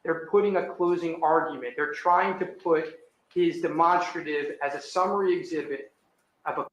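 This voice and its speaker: A man's voice: a little high, fairly even intonation, moderate pace, fairly bright tone, highs cut off. A man arguing as an attorney before a judge, firm and citing case law, in a courtroom. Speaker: defense attorney. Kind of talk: courtroom argument. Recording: echoey courtroom audio.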